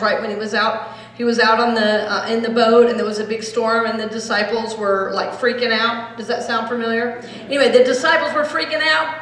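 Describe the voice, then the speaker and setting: A woman's voice: a little high, fairly quick, recorded from a distance, slight background noise. Middle-aged woman preaching in an echoey hall. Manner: storytelling, drops to a soft hush for prayer phrases. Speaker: Unity minister. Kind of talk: sermon with guided meditation.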